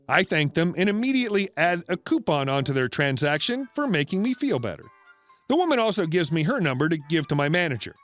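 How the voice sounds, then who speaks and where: Lively high-voiced male story narrator. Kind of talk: reading online stories.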